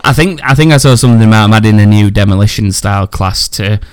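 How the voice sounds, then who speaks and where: A man's voice: lowish voice, fast, clean tone. A man hosting a casual podcast, reading out gaming news in a loose, chatty way with fillers. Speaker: podcast host.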